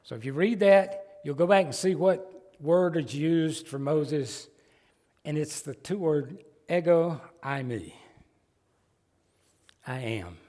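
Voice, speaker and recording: A man's voice: on the high side, lively intonation, takes it slowly, pauses often, a little mellow. A man with a Southern American accent preaching a sermon as pastor, folksy and emphatic with joking asides. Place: church sanctuary. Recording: long church hall reverb.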